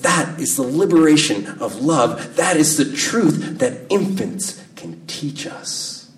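A man in his thirties preaching a sermon in a slow, measured way, letting his phrases fall soft at the ends. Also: fairly high pitch, big pitch swings, slight background noise. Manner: slow, measured delivery with soft dropping endings. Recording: distant mic with faint room ambience.

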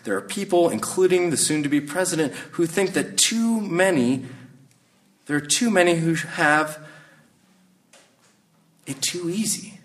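A man, preaching a sermon in a conversational, reflective way, sometimes pausing and restarting his sentences. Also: fairly high pitch. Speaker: pastor. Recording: voice a bit distant from the mic.

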